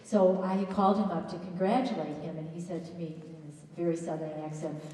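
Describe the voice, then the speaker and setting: A woman's voice: on the low side, moderate pace, hardly any pauses, warm tone. A woman introducing a guest at a college event in a chatty, enthusiastic speech full of restarts and asides. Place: large hall at a college event. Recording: echoey hall, voice picked up from a distance.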